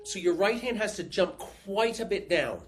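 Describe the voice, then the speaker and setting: A woman's voice: mid-range voice, expressive, normal speed. A woman teaching piano over a video call, patiently counting beats aloud and scatting rhythms. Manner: patient, encouraging. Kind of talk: online music lesson.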